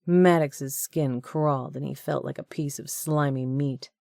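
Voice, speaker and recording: Low, warm-voiced woman narrating a romance. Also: fairly even intonation, measured pace, creaky, no room sound, studio quality. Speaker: audiobook narrator. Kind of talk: scripted narration.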